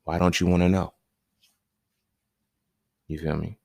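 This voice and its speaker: A man hosting a podcast, talking in a loose, slangy, conversational monologue that keeps checking in with the listener, with sudden animated bursts and chuckles. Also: low voice, measured pace, vocal fry, no echo, clean studio sound. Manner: loose, conversational, slangy, often asks "you feel me". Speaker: podcast host. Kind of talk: casual monologue.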